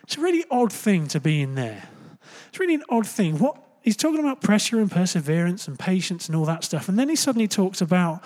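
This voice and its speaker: A young man preaching in a loose, talky way, his voice sitting a little high for a man. He jokes with the room, trips over his words and corrects himself, then pushes on with the point. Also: quick pace. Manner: chatty and jokey, full of fillers and self-corrections; animated, jumps into loud playful asides. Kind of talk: casual conversational sermon.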